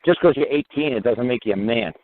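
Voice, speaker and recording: A man's voice: medium pitch, fast. A man hosting a radio talk show, rambling and profane, who keeps repeating "you know what". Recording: narrow phone-like radio audio.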